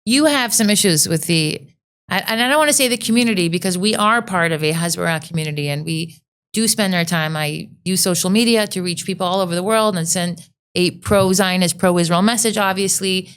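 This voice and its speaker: A woman hosting an interview, from the United States, asking quick, enthusiastic questions. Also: fairly low pitch, fairly bright tone, clear, resonant tone. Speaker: host. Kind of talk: interview conversation.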